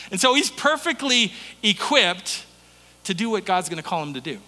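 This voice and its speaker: A male pastor delivers his sermon like he's telling a story to friends. His voice sits high and bright. It rings out with a long hall reverb, as if in a church sanctuary. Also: sing-song, normal speed. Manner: conversational storytelling preaching.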